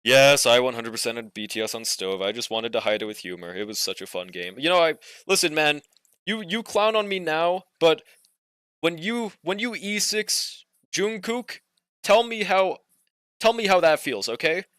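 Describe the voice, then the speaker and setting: A man's voice: mid-range voice, lively intonation, fairly quick, fairly bright tone, clear, resonant tone, no room sound, clean studio sound. A young man streaming a game, chatting casually with viewers, slangy and laid-back, swearing and laughing often. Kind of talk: casual livestream chat while gaming.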